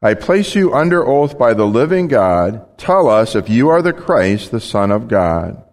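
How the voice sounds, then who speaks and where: A man voicing a stern high priest who accuses, read in a raised demanding way. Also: very animated, measured pace, long reverb tail.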